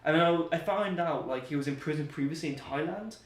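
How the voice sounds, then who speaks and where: A young man appears as an interview guest, telling rambling, joking anecdotes full of slang. His voice is fairly high and fast, and the roomy recording sounds like it was made on a distant mic.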